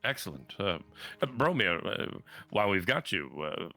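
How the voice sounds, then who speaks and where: A man's voice: lowish voice, big pitch swings, sharp tone, no echo, faint music behind, exaggerated voice. A man voicing a theatrical male circus ringleader in a tabletop game, grandiose and pushy, stretching his words. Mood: persuasive. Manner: grandiose, wheedling, drawn-out.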